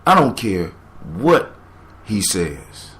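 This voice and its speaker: A man voicing a proud, protective mother monkey in a folk tale retelling, slow and defiant. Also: fairly low pitch, sing-song, a bit bright, pitched below the performer's own voice, heavily acted.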